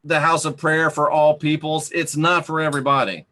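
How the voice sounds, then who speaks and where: A man giving a livestream sermon, slow and emphatic, repeating his phrases for weight. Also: on the high side, flat delivery, pushed and bright. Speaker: preacher reading live chat.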